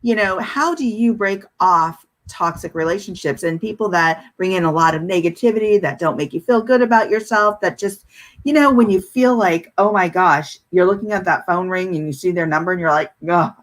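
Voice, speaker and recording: A woman's voice: lowish voice, fairly quick. A woman hosting a podcast, chatting casually and affirming her co-host before reflecting on the topic. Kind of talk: casual chat.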